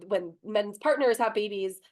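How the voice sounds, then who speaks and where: A woman's voice: medium pitch, moderate pace, darkish tone. Earnest woman telling a story. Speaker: panelist. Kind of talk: panel discussion.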